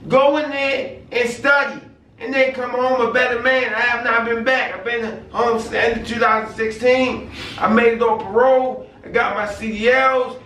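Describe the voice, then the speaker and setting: A man with a very high, bright voice talks with motivational urgency, stopping often to ask "you know what I mean". He sounds set back from the microphone in an echoey room. A faint hiss runs underneath. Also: level tone, moderate pace. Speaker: guest sharing life story. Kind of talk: casual conversation. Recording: roomy sound from a distant mic with faint noise.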